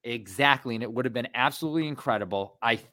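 A man in his thirties co-hosting a casual fight podcast, animated and rambling, swearing freely. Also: mid-range voice, fast. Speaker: podcast co-host.

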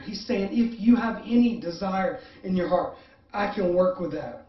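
A man preaches a sermon, pressing his listeners with repeated questions and then dropping into soft, halting asides full of fillers. His voice sits at an ordinary pitch. He sounds a little far from the mic in an echoey room, and the sound is slightly dull. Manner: preaching with rising emphatic appeals and repeated questions; drops to soft, hesitant confessional tone with many fillers. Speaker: pastor. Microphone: online service stream. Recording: roomy, distant, muffled sound.

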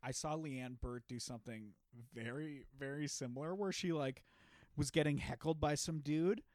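A man's voice: fairly high pitch, moderate pace, darkish tone, dry recording. A man co-hosting a comedy podcast, telling stories in casual chat, swearing and laughing often. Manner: laughing, profane storytelling. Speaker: podcast co-host.

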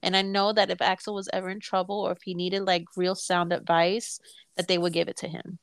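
A woman's voice: lowish voice, flat delivery, a little fast, clear, resonant tone, no room sound. Blunt, dry-sounding woman podcast co-host. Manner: frank and blunt, swears casually, laughs often. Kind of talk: casual chat.

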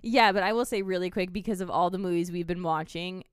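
A woman on a casual movie podcast offers frank takes on the acting and throws in quick "yeah"s and "mm-hmm"s. Her voice sits fairly low for a woman and sounds smooth and clear, recorded dry and close. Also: dry recording. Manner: blunt opinions, short agreeing interjections. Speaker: podcast co-host. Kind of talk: casual movie review chat.

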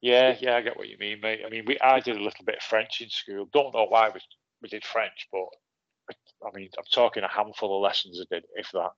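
Gravelly-voiced enthusiastic male podcast host. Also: fairly low pitch, fairly even intonation, brisk, a bit bright, no echo, lo-fi sound. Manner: effusive, calls the guest mate constantly. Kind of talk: casual conversation.

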